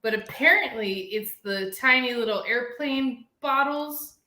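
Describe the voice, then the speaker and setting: A woman who is a guest in a casual chat, telling travel stories in an animated, laughing way. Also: a little high, measured pace. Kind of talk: casual storytelling. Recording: echoey room with faint noise.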